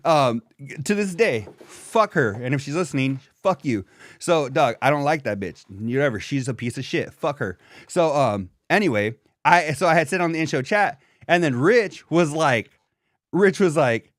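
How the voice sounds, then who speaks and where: Animated podcast host. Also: male voice, fairly high pitch, moderate pace, no echo, clean studio sound. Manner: animated, profane, repeats "dog". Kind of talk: casual chat.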